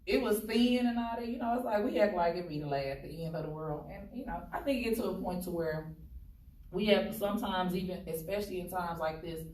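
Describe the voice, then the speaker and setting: A woman's voice: on the low side, a little fast, a little mellow. A woman co-hosting a casual talk show, earnest and a bit preachy when she talks about faith. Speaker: co-host. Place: TV studio. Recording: echoey studio, mic at a distance, faint noise.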